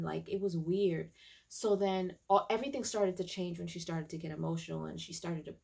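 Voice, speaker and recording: Woman vlogger, low and gravelly, chatty recap full of fillers. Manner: chatty, many fillers and restarts. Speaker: YouTube TV reviewer. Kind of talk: casual episode recap.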